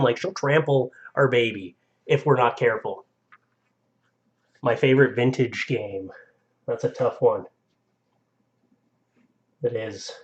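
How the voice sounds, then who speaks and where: A young man live streaming into a desk mic, chatting in a casual, rambling way at a middle pitch. He reads viewer stories aloud, laughs easily, and trips over names. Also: lo-fi sound.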